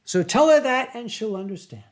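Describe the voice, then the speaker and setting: A man from Pennsylvania hosting a casual livestream from home, reading viewer comments and telling stories with drawn-out dramatic emphasis into a webcam mic. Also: high voice, animated. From Pennsylvania, USA. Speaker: livestream host.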